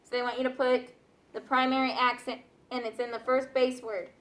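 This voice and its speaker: A woman's voice: sits high, flat delivery, brisk, a bit bright. A woman teacher giving patient classroom instructions, often checking in with her students.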